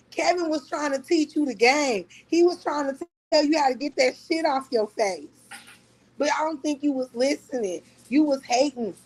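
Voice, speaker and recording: A high-voiced woman holds forth on her livestream in a loose, casual rant. She mocks her target with profane trash talk and breaks into laughter often. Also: a little mellow, rough recording. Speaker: livestream host. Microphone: talking to a phone on a live stream.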